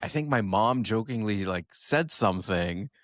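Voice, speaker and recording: A man's voice: lowish voice, animated, normal speed, fairly bright tone, dry recording, studio quality. A man co-hosting a podcast, talking casually and hesitantly with many fillers. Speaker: podcast co-host. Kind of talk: casual chat.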